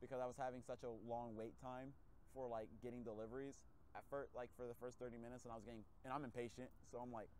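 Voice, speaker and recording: A man hosting a casual podcast chat, telling a story with lively acted-out reactions and frequent swearing. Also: mid-range voice, fast, slight background noise. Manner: animated storytelling, acts out his own reactions, swears freely. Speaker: podcast host.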